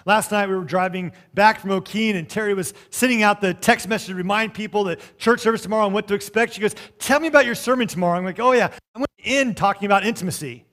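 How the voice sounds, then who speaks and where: A man preaching a sermon as pastor, reading scripture and telling a story, swinging between soft passages and loud ones. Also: high-pitched, fairly even intonation, fast, hardly any pauses.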